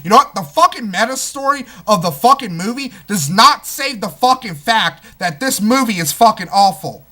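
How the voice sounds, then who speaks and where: A young man reviewing a film in an unscripted, heated rant full of swearing. He drops to mutters, then bursts out loud. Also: high voice, expressive, normal speed. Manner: profane, heated ranting with constant swearing; swings between muttering asides and loud outbursts. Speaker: movie reviewer.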